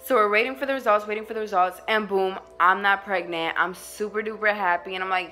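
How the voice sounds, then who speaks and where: A young woman spins a casual storytime vlog with a bright, forceful voice. Her telling is animated and slangy, and laughs keep breaking through. Her pitch sits in the middle for a woman. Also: quick pace, hardly any pauses, soft background music. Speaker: vlogger.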